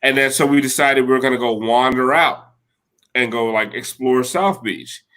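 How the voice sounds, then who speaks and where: Bright-voiced rambling man telling a story. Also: mid-range voice, normal speed. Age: late 30s. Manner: rambling, profane, loud storyteller. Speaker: podcast co-host. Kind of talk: casual storytelling chat.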